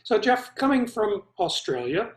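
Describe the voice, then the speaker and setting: A man hosting an interview as a travel advisor, animated and quick to laugh. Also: high voice. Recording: roomy echo.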